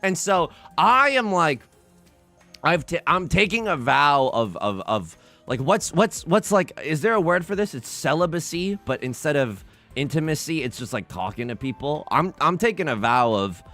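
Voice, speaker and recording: A man chats casually on a livestream, telling a rambling story with lots of false starts and cheerful swearing. His voice is bright and forward, and it swings widely in pitch as he gets animated. Quiet music plays behind him. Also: normal speed.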